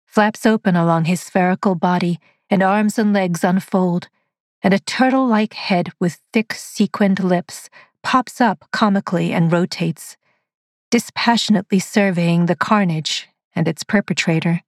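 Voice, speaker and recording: Woman narrator, low and unhurried, dry studio read, measured delivery. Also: no echo. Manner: measured and deliberate. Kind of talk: scripted story narration.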